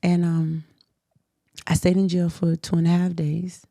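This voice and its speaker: Animated woman telling her story. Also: fairly low pitch, measured pace, vocal fry, dry recording, clean studio sound. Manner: animated, laughs often, emphatic. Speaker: host. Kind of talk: candid interview storytelling.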